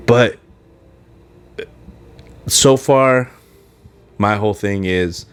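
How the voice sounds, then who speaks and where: A man with a very low voice talks through a show on his podcast. He speaks casually and rambles, often stopping to search for the right word. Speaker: podcast host. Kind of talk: casual solo review chat.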